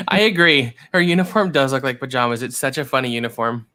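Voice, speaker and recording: A co-host chatting casually during a movie watch-along, agreeable and quick to laugh. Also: mid-range voice, lively intonation, sharp tone. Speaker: podcast co-host.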